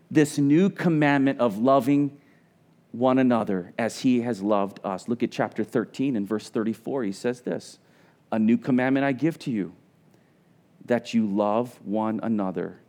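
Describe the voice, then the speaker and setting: A middle-aged pastor preaches an earnest, conversational sermon, frequently restarting his words. His voice is mid-range with a darkish tone.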